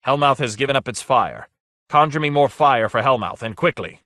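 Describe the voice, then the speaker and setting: A man reading aloud, voicing a wrathful, frantic male warlord who shouts commands. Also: medium pitch, expressive, normal speed, dry recording, clean studio sound, voice pushed up, close to an everyday voice. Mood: commanding.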